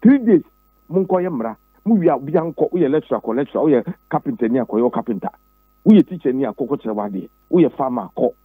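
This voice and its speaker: A Ghanaian man with a husky voice talks politics with a preacher's insistence. He repeats himself and his voice jumps sharply higher on key points. The sound is dry and narrow, like a phone line. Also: lively intonation, a little fast, dry recording, soft background music. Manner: emphatic and preachy, with sudden high pitch leaps and repeated words. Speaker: interview guest, pastor and former presidential candidate. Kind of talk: political interview, Twi mixed with English.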